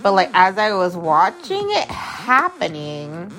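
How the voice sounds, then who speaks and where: Low, unhurried woman telling a blunt story. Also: sing-song, a bit bright. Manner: blunt, profane, lots of "like" fillers. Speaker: podcast host. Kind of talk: casual storytelling.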